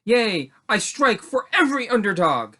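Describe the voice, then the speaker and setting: A man's voice: high-pitched, sing-song, normal speed, sharp tone, exaggerated voice. A man voicing a timid teenage boy finding his courage in a home reading of a mock-Shakespearean play, delivering earnest, declamatory lines.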